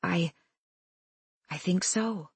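Woman playing young widow, soft, careful, calm, breathy, dry sound. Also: on the low side, a little slow, dry recording. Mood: shy.

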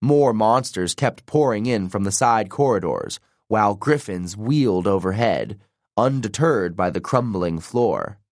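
A man with a low voice reads the audiobook slowly and deliberately, letting his pitch rise and fall with drama. The sound is close and dry, with no room echo at all. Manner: expressive, dramatic reading. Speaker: audiobook narrator. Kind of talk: scripted narration.

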